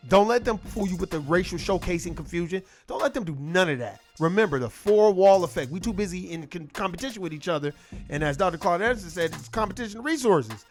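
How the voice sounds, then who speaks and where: Blunt, profane man with a high voice. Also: fast talker, faint music behind. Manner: blunt, profane, animated storytelling. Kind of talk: casual monologue to camera.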